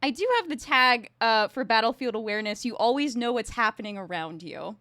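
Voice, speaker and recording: A woman playing a tabletop game, brisk and earnest, laughing easily. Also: a little high, sharp tone, no echo. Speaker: player.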